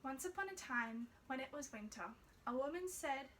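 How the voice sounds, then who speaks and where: A woman reading a fairy tale aloud as storyteller, in soft, measured narration. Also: high voice, lively intonation, slight background noise.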